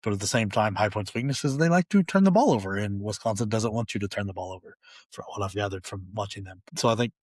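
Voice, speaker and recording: A man's voice: fairly low pitch, fast, husky, no echo. A man hosting a sports podcast, talking casually through betting picks with easy fillers. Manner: relaxed, explaining with fillers. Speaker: podcast host.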